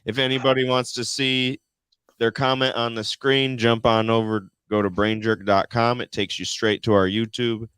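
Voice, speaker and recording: A man co-hosting a casual chat show, hyped and shouting out viewers. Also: mid-range voice, level tone, moderate pace, smooth, no echo. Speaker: co-host.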